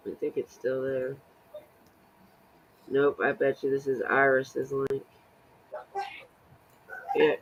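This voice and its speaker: A woman co-hosting a casual live-stream chat, laid-back and quick to laugh. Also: rumbling low, level tone, slightly rough, muffled recording. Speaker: co-host.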